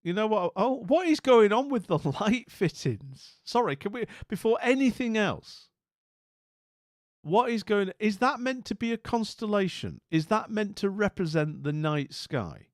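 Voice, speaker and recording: A man's voice: sits high, animated, unhurried, no room sound, studio quality. A man streaming casually, rambling and bemused as he talks to viewers, with many restarts and asides. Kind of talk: casual live-stream commentary.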